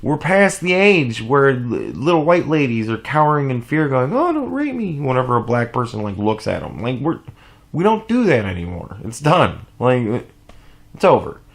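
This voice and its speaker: A man with a gravelly, fry-laden voice rants in a casual reaction vlog. He swears freely and jumps between thoughts with false starts, sounding short on sleep. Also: mid-range voice, moderate pace. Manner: animated, profane, rambling with restarts. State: sleep deprived. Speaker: commentary vlogger.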